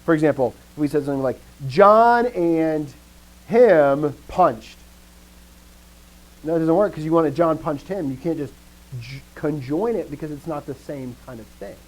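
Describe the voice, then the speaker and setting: A man's voice: fairly high pitch, fast talker, darkish tone, low-quality recording. Upbeat male grammar teacher. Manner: affirms students often, joking asides. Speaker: language teacher. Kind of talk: live grammar lesson.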